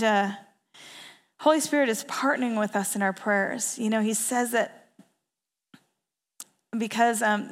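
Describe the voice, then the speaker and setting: A woman preaching a sermon, telling a story in earnest and repeating key phrases for emphasis. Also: on the high side. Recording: long hall reverb.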